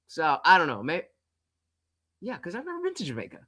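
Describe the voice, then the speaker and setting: Animated rambling young male streamer. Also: high voice, brisk. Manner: animated, rambling, many fillers. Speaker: streamer host. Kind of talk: casual live-stream chat.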